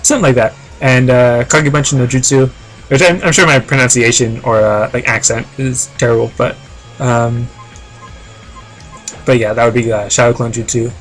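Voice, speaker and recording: A man's voice: mid-range voice, moderate pace, soft background music. A man chatting casually on a live game stream, reading chat aloud and rambling with lots of fillers.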